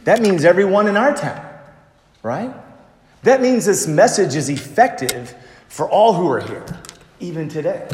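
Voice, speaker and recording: Slow, emphatic preacher man in an echoey hall. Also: high-pitched, slight background noise. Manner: slow, emphatic preaching with lively swings between loud and soft. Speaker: pastor. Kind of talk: sermon.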